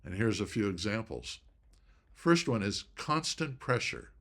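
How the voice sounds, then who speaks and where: A man with a somewhat low voice presents an inspirational study talk. He speaks deliberately and leans on key words to make his point. His tone stays measured, like a teacher guiding a class. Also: big pitch swings, fairly bright tone.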